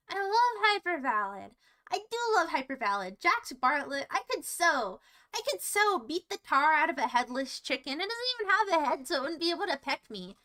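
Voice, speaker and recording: A young woman talks to her live-stream viewers in a high, bright voice. She rambles playfully from one silly topic to the next and pokes fun at herself as she goes. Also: very animated, fairly quick. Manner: silly, rambling, self-mocking, jumps between topics. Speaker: livestreamer.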